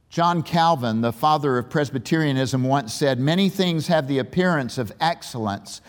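A male pastor, preaching a sermon and telling a story, with emphatic questions to the congregation. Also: fairly high pitch. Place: large church sanctuary. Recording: reverberant church hall.

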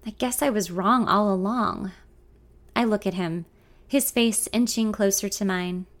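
A woman's voice: mid-range voice, unhurried. A woman reading a first-person story in a confiding, introspective way. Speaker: narrator.

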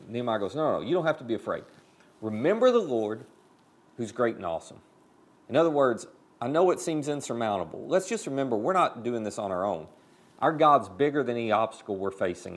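A male pastor delivers a sermon in an animated storytelling manner. His pitch sits in a middle range but swings widely as he builds toward big points. He speaks directly to his listeners and makes the story feel personal.

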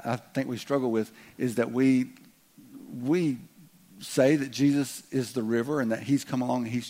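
A man preaching to his congregation. His voice sits at an ordinary middle pitch, and he talks in an easy, chatty way. He now and then breaks into loud, acted shouts. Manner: conversational, joking asides, rises to loud acted outbursts. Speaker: pastor. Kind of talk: sermon.

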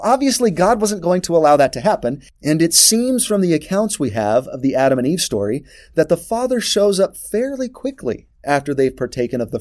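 A man teaching a scripture lesson in an expressive way, posing rhetorical questions to his class. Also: on the high side.

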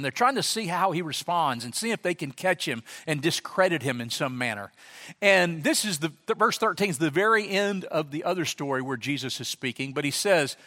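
Middle-aged pastor doing a sermon, high voice, echoey church hall. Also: male voice. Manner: animated, acts out voices in anecdotes. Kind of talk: sermon with storytelling. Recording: long hall reverb.

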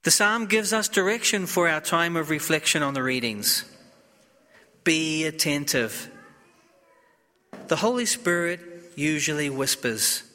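Slow, solemn priest in a reverberant space. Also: male voice, a little high, sharp tone. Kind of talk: Gospel reading and sermon.

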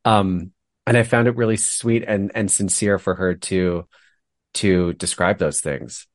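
A man co-hosting a podcast, discussing a book in a thoughtful, hesitant way with frequent pauses. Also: sits low, fairly even intonation, no room sound, clean studio sound. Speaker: podcast co-host.

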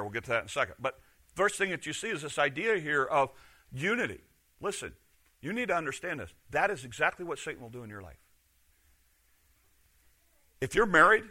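A middle-aged man, a pastor, preaching a sermon with emphatic rhetorical questions that swing from loud to hushed. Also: mid-range voice.

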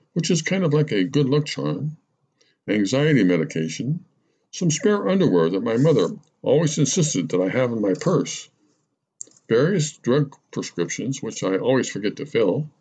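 A man's voice: medium pitch, warm tone, husky. A man voicing a chatty middle-aged woman who rambles through a long list of everything she carries. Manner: rambling, breathless list-making. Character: chatty middle-aged woman listing her purse contents. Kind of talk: storytelling narration.

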